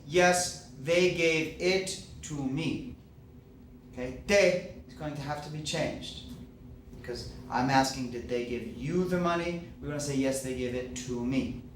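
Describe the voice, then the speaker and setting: Man, patient grammar lesson, slightly high voice, roomy echo, mic at a distance. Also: fairly bright tone, a little hiss or hum. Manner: patient, checks in with "okay" and "right". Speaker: Spanish teacher. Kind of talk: explaining grammar at a whiteboard. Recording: echoey classroom, mic at a distance.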